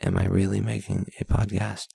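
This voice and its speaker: A man's voice: low voice, level tone, moderate pace, gravelly, warm tone, slightly rough, dry recording, studio quality. A young man hosting a solo podcast, ranting and rambling casually with self-deprecating asides. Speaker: podcast host.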